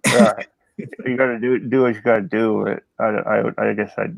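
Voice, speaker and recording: Gravelly low-voiced man chatting while drawing. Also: moderate pace, no room sound, low-quality recording. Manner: relaxed, rambling, self-deprecating. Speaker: artist on a live drawing stream. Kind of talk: casual chat while drawing.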